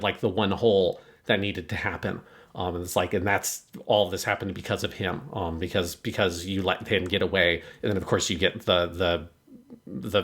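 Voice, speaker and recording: A man's voice: low voice, fairly bright tone. A man co-hosting an anime review podcast, explaining story concepts at length in a loose, filler-heavy way. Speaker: podcast co-host. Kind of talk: casual analytical discussion.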